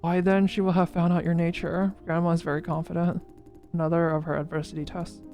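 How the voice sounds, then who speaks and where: A streamer reads visual novel dialogue aloud during a playthrough, speaking a little fast in a level, darkish, medium-pitched voice. Characters get individual emphasis, and soft background music plays.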